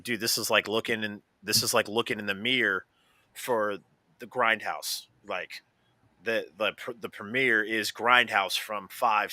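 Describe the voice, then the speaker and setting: A man talks loosely on a live-streamed wrestling show, circling back with plenty of fillers and restarts. His voice is bright and sharp-edged. The sound is dry and close, with no room around it. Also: on the low side, no room sound. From American Midwest. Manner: rambling, many fillers and restarts. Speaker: podcast co-host. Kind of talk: casual live-stream chat.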